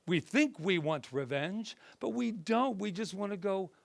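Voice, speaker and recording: A minister speaking lively and warm-toned. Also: male voice, sits high, creaky, no echo. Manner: lively and conversational, softening into slow soothing guidance. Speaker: minister leading a workshop. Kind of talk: workshop talk and guided meditation. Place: indoor group session room.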